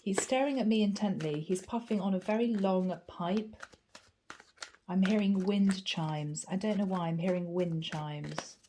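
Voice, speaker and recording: A woman with a gravelly voice from a cold, giving a chatty, animated tarot reading. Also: medium pitch, unhurried, noisy background. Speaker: tarot reader. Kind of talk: casual spoken tarot reading.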